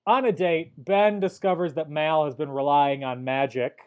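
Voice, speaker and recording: A young man co-hosting a podcast, recapping a movie plot in casual chat with dry, deadpan jokes. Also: a little high, normal speed, smooth. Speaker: podcast co-host.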